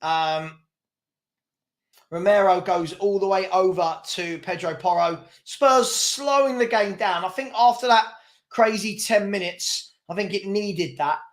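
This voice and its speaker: Speaking a little slowly in a high voice, a young man runs a live football watchalong. He calls the match as it happens and rants at the people in his chat.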